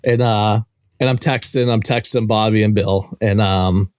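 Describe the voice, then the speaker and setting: A man hosting a podcast and telling a long story in an animated, profane, casual way. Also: on the low side, a little slow, a little hiss or hum. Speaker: podcast host. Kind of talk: casual chat.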